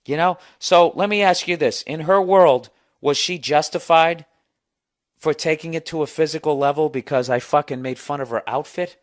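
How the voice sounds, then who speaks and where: A man's voice: fairly high pitch, moderate pace. Profane ranting man telling a story. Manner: profane, sarcastic, animated. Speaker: podcast host. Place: home.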